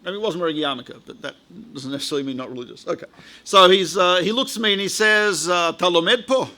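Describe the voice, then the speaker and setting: A male rabbi gives a storytelling lecture, sharing anecdotes in a chatty way and often turning aside to the audience. His voice is high, fast and sharp in tone.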